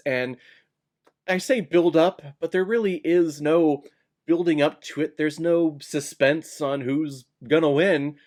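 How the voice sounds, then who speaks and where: A man's voice: fairly high pitch, fairly even intonation, unhurried, darkish tone. A man giving a casual vlog movie review in a sarcastic, blunt and exasperated way.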